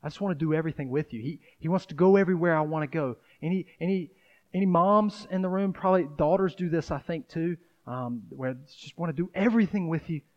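A man's voice: fairly high pitch, fairly quick, dull audio. A man preaching a sermon in a conversational style, breaking into dramatic acted asides. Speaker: pastor.

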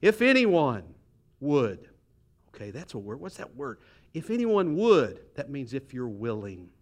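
A middle-aged man, a pastor, preaching a sermon in a church with lively, conversational delivery, joking and asking the congregation questions. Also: medium pitch, measured pace, gravelly. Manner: animated, conversational preaching with humor and rhetorical questions. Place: church sanctuary.

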